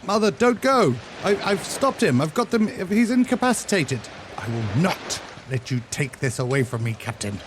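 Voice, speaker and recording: A man voicing a desperate young nobleman who begs for his mother's love in a high-strung, pleading way. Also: big pitch swings, normal speed, background noise.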